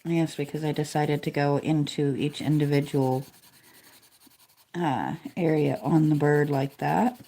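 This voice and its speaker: A woman's voice: low voice, a little slow. A woman chatting casually and poking fun at herself as she narrates her coloring. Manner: relaxed, chatty, self-deprecating. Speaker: coloring video creator.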